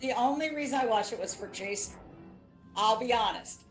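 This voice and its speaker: A woman's voice: on the high side, moderate pace, over music. A middle-aged woman co-hosting a game stream, chatting casually and explaining things at length. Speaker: co-host, streamer's mother. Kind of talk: casual gaming stream chat.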